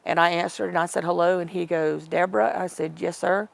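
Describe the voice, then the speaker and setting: A woman's voice: fairly low pitch, fairly even intonation, brisk, vocal fry. A middle-aged woman telling a personal story in an interview, rambling and correcting herself as she retells old conversations.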